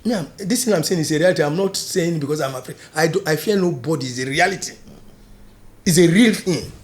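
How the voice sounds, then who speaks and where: An older Nigerian man, a guest in an interview, tells a long story at a quick pace, mixing pidgin and English. His voice drops to a low murmur and then rises loud and emphatic.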